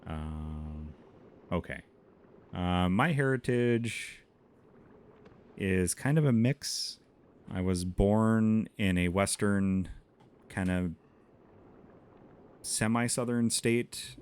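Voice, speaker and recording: Slow, deep-voiced Minnesotan-accented man streaming. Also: darkish tone, smooth. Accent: Upper Midwestern (Minnesotan). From Montana, USA. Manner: chatty, answers chat while playing, laughs often. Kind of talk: casual gameplay commentary.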